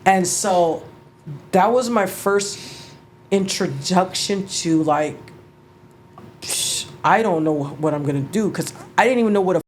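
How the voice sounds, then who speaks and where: A middle-aged woman, an interview guest, telling her story in a halting, emotional way, with restarts and casual swearing. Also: on the low side, slight background noise. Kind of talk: personal storytelling.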